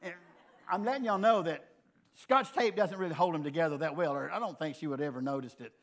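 Older male preacher, slightly high-pitched, conversational and earnest while sharing a story from the pulpit. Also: fast, a bit bright. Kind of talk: sermon with personal storytelling.

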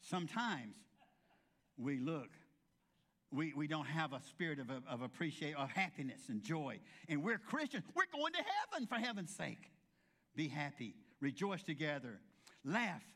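A man's voice: fairly high pitch, animated, unhurried, a bit bright. A male pastor giving a folksy sermon, telling humorous stories and acting out the voices of the people in them. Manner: folksy storytelling with humorous asides; acts out quoted voices.

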